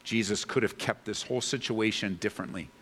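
A man's voice: on the low side, a little fast, fairly bright tone, breathy edge, in a large hall. A man preaching a sermon as a pastor, earnest and pleading, building to impassioned peaks.

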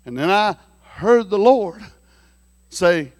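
A man preaching a sermon through folksy, joking stories, animated and lively. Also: high-pitched, slow, no echo. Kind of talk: storytelling sermon.

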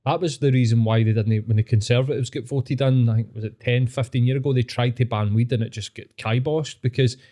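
A young Scottish man swapping stories in casual chat, mid-pitched and relaxed. He swears freely, laughs often and tells each tale with plenty of filler. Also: brisk, hardly any pauses. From Scotland.

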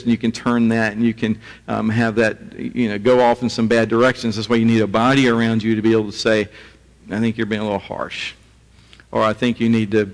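Chatty male pastor in echoey hall. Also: mid-range voice. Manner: conversational, chuckling asides. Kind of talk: sermon.

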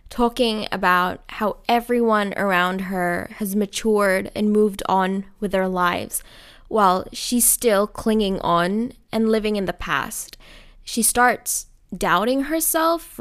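A young woman giving casual, gushing film commentary, giggling and talking straight to her viewers. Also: medium pitch. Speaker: film vlogger.

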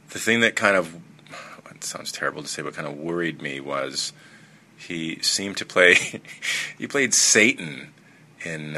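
Man, very low voice, bright forceful tone, casual podcast film review, rambling, lots of ums. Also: slight background noise. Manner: rambling, full of fillers and restarts, enthusiastic.

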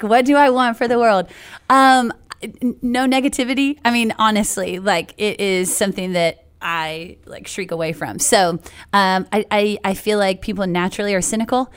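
A woman's voice: medium pitch, moderate pace, smooth. A woman, a podcast guest who talks in a bubbly, giggly way and often says "like". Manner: bubbly, giggly, self-deprecating, lots of "like". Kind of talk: casual interview chat.

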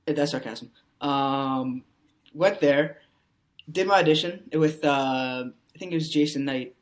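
A man's voice: fairly high pitch, a little slow. Man guest rambling with many fillers. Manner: rambling, heavy use of "you know" fillers. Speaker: actor guest. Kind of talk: casual podcast interview.

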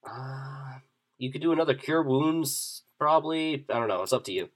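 A man running a tabletop game as game master, relaxed and chatty, thinking aloud with fillers. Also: medium pitch, moderate pace.

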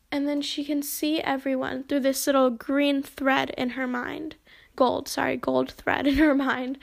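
High-pitched young woman with vocal fry. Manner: chatty retelling, acts out quoted lines. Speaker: book discussion host. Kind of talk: casual plot recap.

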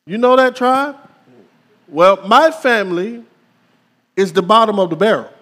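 A man's voice: high voice, measured pace, bright, forceful tone, voice pushed up, full character voice. A man voicing a timid young man who feels insignificant, pleading and self-deprecating.

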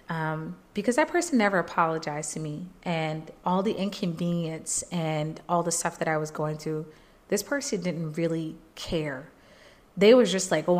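Woman podcast host, personal storyteller, slightly low voice, earnest and animated. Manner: emotional, animated retelling, jumps high when quoting people; faith-filled, earnest.

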